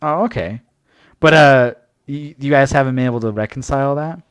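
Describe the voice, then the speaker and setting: A man's voice: mid-range voice, brisk, clean tone, no room sound. Man hosting an interview. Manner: sympathetic, relaxed questioning. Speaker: podcast host.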